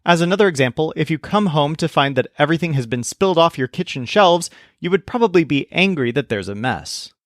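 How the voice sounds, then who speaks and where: Measured man teaching a language lesson. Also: fairly high pitch, expressive, no echo, studio quality. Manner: clear, measured explanations with slow modeled examples. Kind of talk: scripted lesson narration.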